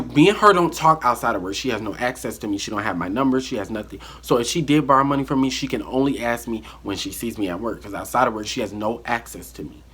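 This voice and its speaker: Guy from the us doing a storytime vlog, bright kinda husky voice, animated, does all the voices. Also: medium pitch. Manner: animated, acts out the dialogue. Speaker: vlogger telling a story. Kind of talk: casual storytime monologue.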